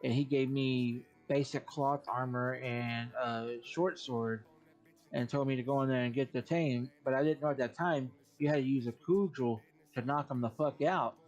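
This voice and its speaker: A man's voice: mid-range voice, fairly even intonation, normal speed. A man on a stream casually telling gaming stories, cursing a lot and laughing often. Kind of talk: casual gaming story chat. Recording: dull lo-fi stream audio with faint music.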